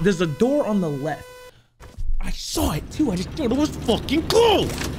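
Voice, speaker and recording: A young man commentating a horror game, excitable and loud, swearing and yelling at the game, with game music playing behind him. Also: extremely high pitch, unhurried. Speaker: gaming streamer.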